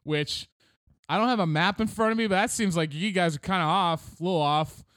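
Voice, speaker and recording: Comic co-host, male, high and clear voice, bouncy storyteller. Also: brisk, fairly bright tone, no echo, clean studio sound. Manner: storytelling with silly put-on quotes, laughs often. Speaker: podcast co-host. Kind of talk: casual comedic chat.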